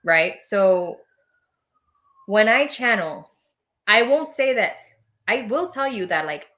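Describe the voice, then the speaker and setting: A woman talking as a guest on a podcast, animated and quick to laugh, sometimes acting out voices as she explains. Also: medium pitch. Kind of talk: casual interview chat.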